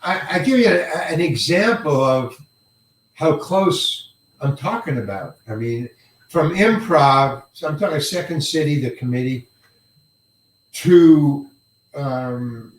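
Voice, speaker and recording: Older man, actor interviewee, rambling halting anecdotes, chuckles, slightly high voice, roomy echo. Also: animated. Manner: rambling, halting, repeats words, chuckles often. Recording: roomy echo, mic set far away.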